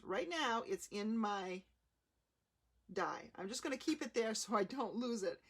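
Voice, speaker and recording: Gravelly-voiced woman demonstrating card making. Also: medium pitch. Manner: chatty, unhurried, talks through each step. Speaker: craft demonstrator.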